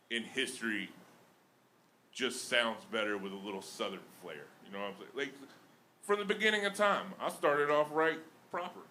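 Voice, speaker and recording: A man's voice: medium pitch, pushed and bright, slight background noise. A young man from Alabama, with an Alabama accent, doing a self-mocking stand-up set on a comedy club stage. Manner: self-mocking, chatty with laughs in the flow.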